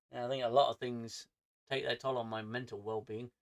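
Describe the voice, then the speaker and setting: A man's voice: mid-range voice, flat delivery, moderate pace. A man with an angry manner who swears a lot, ranting casually on his livestream from home. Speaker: streamer.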